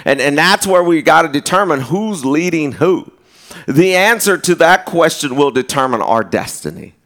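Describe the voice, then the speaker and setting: Pastor guy preaching, earnest, kinda higher voice, stumbles and restarts a lot. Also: animated, moderate pace, a bit bright. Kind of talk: sermon.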